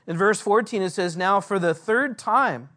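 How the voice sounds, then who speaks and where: A man, a pastor, giving a verse-by-verse Bible teaching in an earnest way, slowing down when he reads scripture aloud. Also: sits high, bright, forceful tone.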